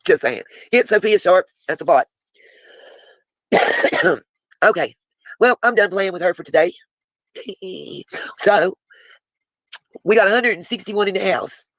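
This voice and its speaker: A woman's voice: mid-range voice, animated, slow, pauses often, no echo, low-quality recording. Blunt, swearing woman streamer. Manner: chatty, talks back to viewers in chat. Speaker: live stream host. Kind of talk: casual live stream, reading text messages aloud.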